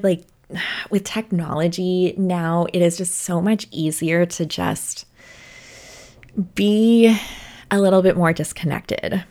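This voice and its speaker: A woman's voice: on the low side, darkish tone. A woman hosting her own podcast, chatting casually into a microphone, playful and dramatic, swearing freely. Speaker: podcast host. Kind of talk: casual solo podcast chat.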